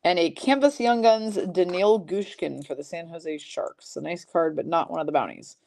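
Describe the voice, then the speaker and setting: A woman hosting a live-streamed trading card break, briskly calling out each pull and teasing her chat viewers. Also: lowish voice, creaky, a little mellow.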